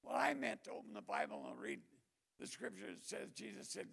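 An older male preacher tells sermon stories in a heavily gravelly voice pitched fairly high for a man. His delivery is animated, dropping to quiet asides and then rising into loud bursts. The tone is husky and rough. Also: fairly quick. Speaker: missionary preacher. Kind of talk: storytelling sermon.

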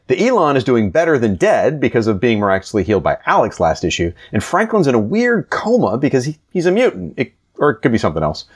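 A man's voice: medium pitch, huge pitch swings, fast, hardly any pauses, breathy edge. A man co-hosting a casual comic podcast, joking and self-deprecating as he recaps. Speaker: podcast co-host.

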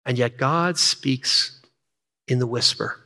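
A man in his sixties preaching a sermon, repeating key lines and dropping to a near-whisper to stress points. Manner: swings from energetic, high, fast passages down to hushed, near-whispered emphasis. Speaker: pastor. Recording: long hall reverb.

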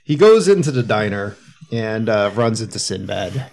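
A man's voice: lowish voice, big pitch swings, normal speed, creaky, a little mellow. A man co-hosting a casual podcast chat, recapping a film's plot and laughing often as he talks. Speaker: podcast co-host recapping a film.

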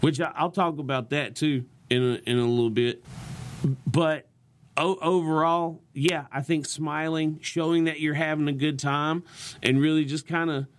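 A man's voice: on the high side, steady tone, normal speed, slight background noise. A young man with a Southern US accent, a comedian chatting casually on a podcast with lots of vocal inflection. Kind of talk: casual chat.

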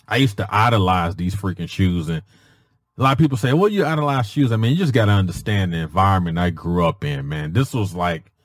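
Man, podcast host, casual animated storyteller, swooping pitch, dry close sound. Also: no room sound. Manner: animated, swings his voice high for emphasis; peppers speech with "freaking" and "daggone".

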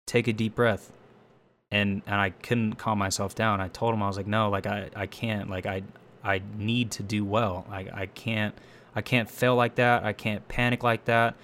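Lowish-voiced young man telling a tense story. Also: little pitch movement, moderate pace, a bit bright, a little hiss or hum. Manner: emotional, frequent restarts and "like" fillers. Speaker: firefighter trainee telling a story. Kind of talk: casual personal storytelling.

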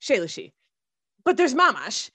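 A woman in casual chat, expressive and quick to laugh, riffing on jokes. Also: high voice, husky, dry recording.

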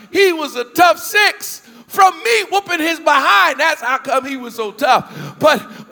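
Guy preaching in a big church, really high voice, loud story bits, lots of reverb. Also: creaky. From US Northeast. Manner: animated storytelling, repeated questions, bursts of shouting. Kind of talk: storytelling sermon. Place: large church hall with thousands present. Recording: large hall reverb.

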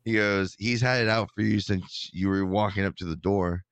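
A man telling a story in casual chat, rambling and animated, with many restarts. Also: lowish voice, moderate pace, clear, resonant tone, no room sound. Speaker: podcast co-host telling a story.

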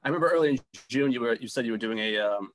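A man's voice: medium pitch, racing. Easygoing Boston man co-hosting. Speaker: podcast co-host, comedian. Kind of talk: casual podcast chat.

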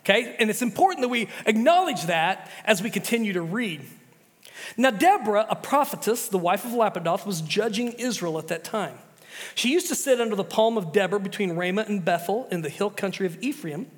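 A pastor with a high, light voice preaches in a loose, conversational way, stumbling over words and circling back mid-sentence. His voice rings out with a long reverb from the church sanctuary. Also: lively intonation, a little fast. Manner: casual, chatty preaching with many restarts. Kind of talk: sermon.

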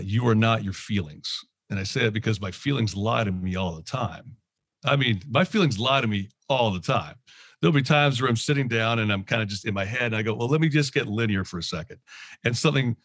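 A man from Canada giving a candid, reflective talk, animated and quick to laugh as he acts out his inner voice. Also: on the low side, dry recording. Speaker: guest speaker.

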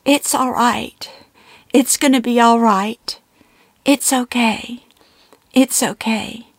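A woman voicing a frail elderly mother near death, speaking slowly and softly in a gentle, breathy way. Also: sits high, steady tone, dry recording, voice pushed up. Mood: frail, soothing. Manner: slow, breathy, soft-spoken.

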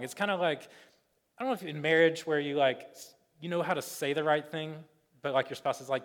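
A male pastor preaching in a church sanctuary, his voice a touch higher than most men's. He talks loosely and conversationally, full of ums and uhs. The room gives a long, ringing reverb. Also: fast, a bit bright. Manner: conversational, many fillers, playful retellings. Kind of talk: sermon.

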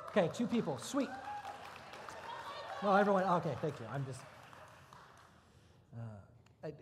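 A man preaching a sermon as pastor, telling a personal testimony earnestly and with emotion, rising at times to intense outbursts. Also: a little high. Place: church sanctuary. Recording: church hall reverb.

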